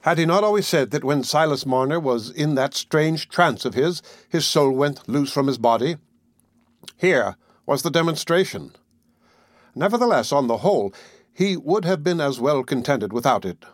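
A man reading a classic novel aloud as an audiobook narrator, measured and deliberate. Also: fairly high pitch, lively intonation, dry recording, studio quality.

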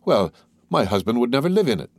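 A man's voice: mid-range voice, sing-song, fast, no room sound, clean studio sound. A man voicing a refined, curious French society lady in an audiobook, raising his voice into an inquisitive, politely insistent tone.

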